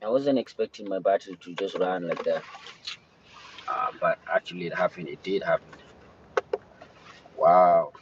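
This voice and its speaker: A man's voice: sits low, moderate pace, pauses often, dull audio, a little hiss or hum. A young man hosting a casual livestream, rambling and breaking off to greet viewers in the chat. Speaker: livestream host. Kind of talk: casual live-stream chat. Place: in or near his car.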